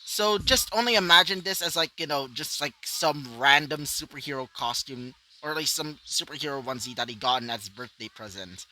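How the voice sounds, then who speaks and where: A man's voice: mid-range voice, moderate pace, few pauses, pushed and bright, a little hiss or hum, poor audio. A man narrating his own fan story off the cuff, rambling with many fillers. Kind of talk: improvised fanfiction storytelling.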